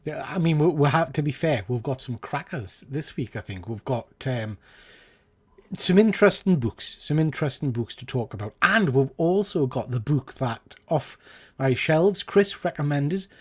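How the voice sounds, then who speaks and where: A man's voice: on the high side, expressive, moderate pace, a little mellow, breathy edge. Chatty man co-hosting a show. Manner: chatty, rambling, self-correcting. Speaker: podcast co-host. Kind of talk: casual chat.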